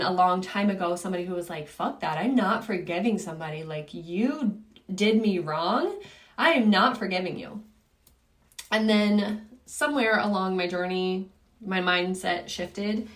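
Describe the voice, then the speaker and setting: A woman in her thirties hosting a solo podcast, talking candidly and casually, with frequent fillers and swearing. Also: mid-range voice. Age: 30s. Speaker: podcast host.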